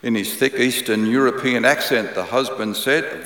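A man preaching a sermon, praying and reading scripture in a measured, earnest way, repeating key phrases. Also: lowish voice, vocal fry, a bit bright. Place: church hall. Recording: echoey church hall with long reverb.

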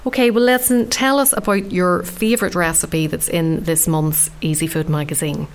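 A woman hosting a radio interview, asking questions in a steady conversational way. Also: on the low side, moderate pace, a little hiss or hum.

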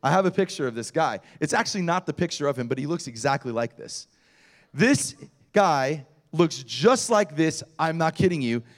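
A male pastor preaching to a congregation in a high voice that leaps up and down. He tells stories with lively, self-mocking humor and keeps the sermon animated. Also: moderate pace.

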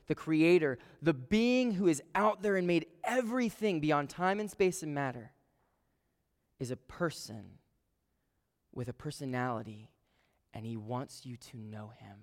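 Man preaching in a big echoing hall. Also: fairly high pitch. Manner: storytelling with sudden swings between hushed and loud. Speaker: campus ministry speaker. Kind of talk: preaching talk to students. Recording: long reverb of a large hall.

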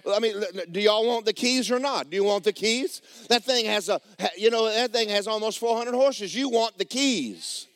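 A man preaching a sermon, emphatic and loud at times, dropping low for stories. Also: moderate pace, hardly any pauses, dry recording, clean studio sound. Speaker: pastor.

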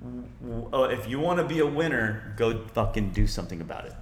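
A man's voice: medium pitch, expressive, fairly quick, slight background noise. A man speaks in a blunt, profane, fired-up way, pushing listeners to act. His voice sits in the middle range. It carries a roomy echo around it. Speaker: podcast guest, entrepreneur. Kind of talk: motivational casual chat.

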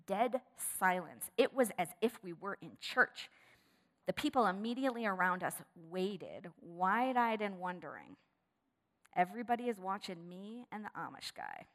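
A woman preaching a sermon, telling a story with animation and then turning hushed and prayerful. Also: mid-range voice, sing-song, moderate pace. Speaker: pastor. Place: church sanctuary. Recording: long reverb of a large hall.

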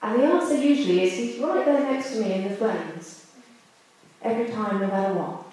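A woman's voice: medium pitch, animated, normal speed, darkish tone. A woman preaching a sermon in a candid, conversational way. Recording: echoey room, distant mic.

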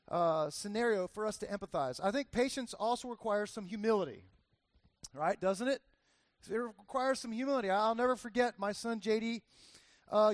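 A man's voice: very high-pitched, dry recording. A man in his forties giving a casual, conversational sermon as a pastor, telling personal stories with lots of "like" and "right?" asides.

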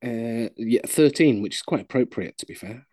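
A man's voice: medium pitch, expressive, moderate pace, a little mellow, dry recording. Teasing guy on a podcast, giggly, voice jumps all over the place. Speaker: podcast co-host. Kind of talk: casual chat.

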